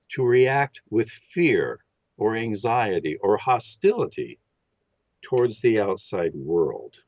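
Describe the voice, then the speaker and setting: Man, deepish voice, lively pitch, leads a calm guided meditation; lo-fi dry recording. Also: no room sound. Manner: calm, slow, instructive. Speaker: podcast guest leading a meditation. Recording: dull lo-fi, dry sound.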